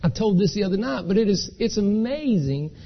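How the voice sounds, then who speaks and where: A man with a high, gravelly voice speaks a little fast with lively intonation, recorded in lo-fi sound. Presenting at an identity theft seminar, he gives a folksy, chatty live talk full of stories, checking in with the audience by asking "okay?"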